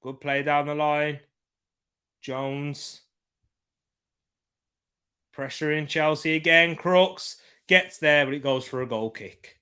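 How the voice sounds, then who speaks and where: A man's voice: on the high side, fairly even intonation, slow, pauses often, bright, forceful tone, clear, resonant tone. A man hosting a live football watchalong, giving casual match commentary in a rambling way, repeating himself and reading out chat comments. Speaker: host of a football watchalong stream.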